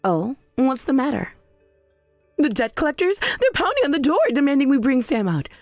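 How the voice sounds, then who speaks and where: A woman voicing a self-righteous middle-aged mother in a scripted drama, shrill, demanding and defensive. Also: very animated, moderate pace, dry recording, faint music behind. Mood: indignant.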